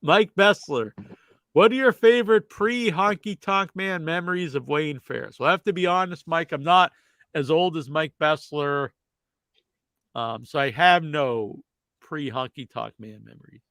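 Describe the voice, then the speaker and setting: A male podcast host with a congested, stuffed-up nose, chatting loosely and filling gaps with ums and likes. His voice sits a little high, and the sound is dry and close, with no room around it. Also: a little slow, a bit bright, dry recording. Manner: rambling, filler-heavy answers to viewer questions. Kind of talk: casual live-stream chat.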